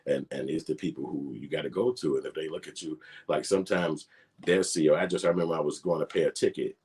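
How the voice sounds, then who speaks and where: A man in his forties tells a personal story in a casual, profane, laid-back way. His voice is very deep and husky. He slips into quoted lines as he talks. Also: fairly even intonation, fast talker, darkish tone. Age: 40s. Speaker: vlogger telling a personal story.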